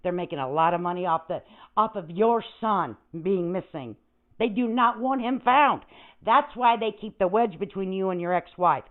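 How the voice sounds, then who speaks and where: A woman's voice: medium pitch, expressive, normal speed. Brash, foul-mouthed older woman on tinny audio. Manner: brash, profane and rambling. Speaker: livestream host. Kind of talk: casual livestream rant. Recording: tinny phone-like audio with static.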